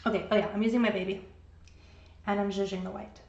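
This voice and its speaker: A woman's voice: medium pitch, level tone, quick pace, darkish tone. A woman in her forties, chatty and encouraging, giving a live painting lesson. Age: 40s. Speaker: art instructor. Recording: roomy, dull sound.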